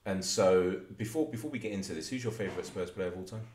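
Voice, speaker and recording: Deep-voiced rambling podcast host. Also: male voice, quick pace, a little mellow, echoey room, a little hiss or hum. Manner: rambling, stumbling storyteller. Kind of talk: casual podcast banter.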